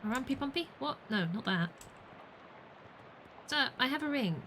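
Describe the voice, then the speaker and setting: A woman's voice: high-pitched, animated, moderate pace, fairly bright tone, slight background noise, rough recording. A woman chatting playfully through a video game on a livestream, muttering to herself and playing with words. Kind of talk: gaming livestream commentary.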